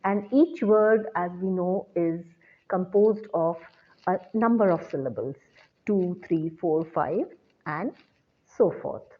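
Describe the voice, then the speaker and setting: A woman teaching an English lesson in a measured, deliberate way, repeating her key points. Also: on the low side. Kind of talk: slow lecture. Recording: dull lo-fi recording.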